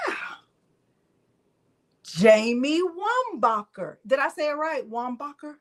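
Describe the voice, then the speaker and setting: A woman's voice: high-pitched, very animated, slow pace, pauses often. A middle-aged woman hosting a crafting livestream, gushing and exclaiming to viewers as she runs a prize drawing. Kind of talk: excited live stream chat. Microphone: desk microphone.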